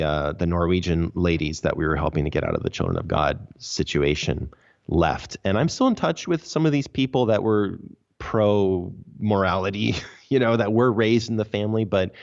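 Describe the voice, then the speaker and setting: A man's voice: deep voice, normal speed, gravelly. A man, a podcast guest, recounting his story earnestly and emphatically in a casual interview. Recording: dull lo-fi audio.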